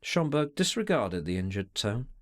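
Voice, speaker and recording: A man narrating a classic novel as an audiobook, in a measured, expressive storytelling manner. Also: fairly low pitch, dry recording, studio quality. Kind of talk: audiobook reading.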